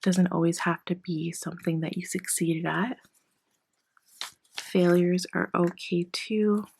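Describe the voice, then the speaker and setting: A woman vlogging about her budget in a casual, chatty way, a little hoarse as she loses her voice, often counting cash out loud. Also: lowish voice, little pitch movement, takes it slowly, a little hiss or hum, poor audio. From Canada. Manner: chatty, apologetic, counts bills aloud. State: losing her voice. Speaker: personal finance vlogger.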